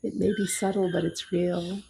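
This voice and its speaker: A woman teaching yoga and breathwork, guiding a breathing meditation in a slow, soft, calm voice with long pauses. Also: lowish voice, gravelly, slight background noise.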